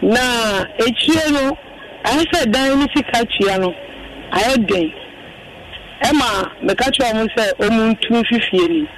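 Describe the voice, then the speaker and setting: A woman's voice: fairly high pitch, animated, takes it slowly, recorded from a distance, a loud crowd, poor audio. A woman calling in to a radio show, telling her problem as a landlady in a long rambling account. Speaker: caller, landlady. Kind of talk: call-in radio complaint.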